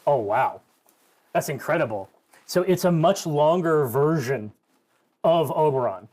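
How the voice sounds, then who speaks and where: Man, tabletop game player, casual chat, excitable, rambling, restarts a lot. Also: on the high side, unhurried.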